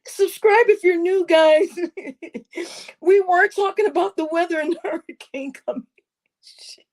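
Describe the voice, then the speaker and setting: High-voiced giggly woman livestreamer. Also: a little slow, a little mellow. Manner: giggly, breaks into laughing fits, swears a lot. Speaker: livestream host. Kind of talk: casual livestream chat.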